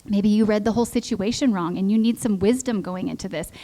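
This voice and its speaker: A woman's voice: medium pitch, fairly quick. A middle-aged woman giving a conversational sermon at church, telling stories and acting out the voices she quotes. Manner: lively storytelling, acts out quoted voices. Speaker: church speaker.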